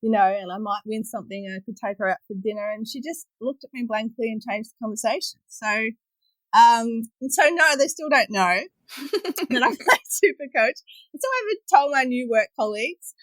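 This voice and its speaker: A woman's voice: fairly high pitch, expressive, brisk, a bit bright, dry recording, low-quality recording. Chatty woman in her thirties. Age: 30s. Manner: chatty storyteller, laughs often. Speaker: podcast guest. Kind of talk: casual chat.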